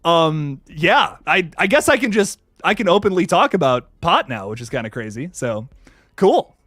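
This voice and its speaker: A young man who hosts a horror movie channel, chatting casually and excitedly on a livestream, reading viewer comments aloud with lots of swearing and laughter. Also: on the high side, moderate pace, no room sound, clean studio sound. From Ohio, USA. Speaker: YouTube horror channel host.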